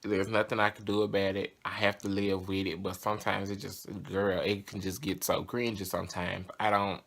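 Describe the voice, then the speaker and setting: Young southern dude vlogging, candid and chatty, kinda low pitched, raspy gravelly fry. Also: male voice, level tone, moderate pace, fairly bright tone. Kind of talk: casual confessional vlog.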